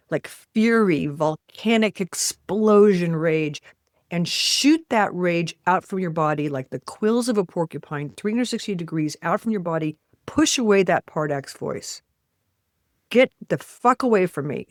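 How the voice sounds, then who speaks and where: A woman author with a fairly low voice appears as an interview guest, leading a guided exercise in a blunt, emphatic way and swearing freely. She's animated, acting out the voices in quotes, and the recording is dry and studio quality.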